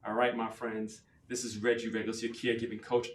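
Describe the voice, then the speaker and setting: A man's voice: mid-range voice, monotone, a little fast, hardly any pauses, reverberant, a little hiss or hum. A man speaking as a caregiving coach, giving an earnest, encouraging motivational talk and repeating affirmations.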